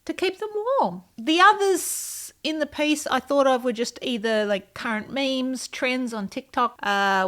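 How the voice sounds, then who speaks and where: A woman's voice: fairly high pitch, fairly bright tone. A woman who writes and vlogs, chatting casually and playfully about her writing and dropping little whispered asides. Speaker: writer and vlogger. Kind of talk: casual behind-the-scenes chat.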